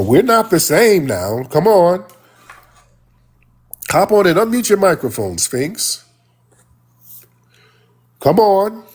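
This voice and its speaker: Arguing heatedly on his live stream, a man berates a caller and says "sir" again and again with biting contempt. His husky voice runs somewhat high for a man and jumps around a lot in pitch; the audio comes from a phone or desktop mic.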